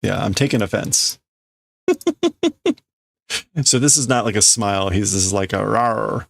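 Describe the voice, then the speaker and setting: A man's voice: lowish voice, normal speed, creaky, no echo, clean studio sound. A man casually translating manga on a live stream, thinking aloud, correcting himself and chuckling as he works out meanings. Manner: musing, self-correcting, chuckling.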